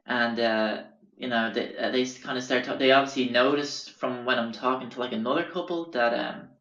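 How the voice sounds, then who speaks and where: A man's voice: medium pitch, fairly even intonation, a little fast, a bit bright, reverberant, dull audio. An Irish man hosting a podcast, telling stories in a rambling, casual way and swearing freely. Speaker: podcast host. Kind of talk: casual storytelling.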